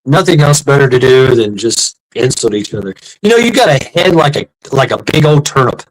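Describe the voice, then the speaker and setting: A middle-aged man hosts a casual livestream, speaking fairly quickly in a mid-range voice with lively intonation. He rambles, swears, repeats himself and laughs often. The recording is rough.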